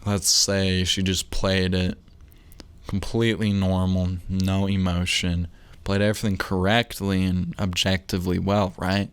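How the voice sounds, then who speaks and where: A man's voice: low voice, flat delivery, measured pace, smooth, dry recording. Rambling young man hosting a podcast. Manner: rambling, self-interrupting, jokey. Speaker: podcast host. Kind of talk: casual rambling monologue.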